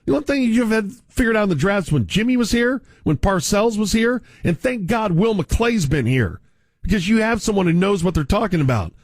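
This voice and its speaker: A man's voice: high voice, lively intonation, brisk, no room sound. A middle-aged man, a sports radio host delivering a furious, sarcastic rant from a studio microphone.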